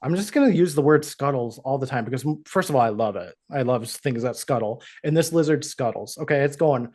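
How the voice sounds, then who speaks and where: A man's voice: mid-range voice, fairly quick. A man on a podcast, casually recapping a TV episode and acting out the characters' lines as he goes. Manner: animated, acts out characters' lines while retelling. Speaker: podcast co-host.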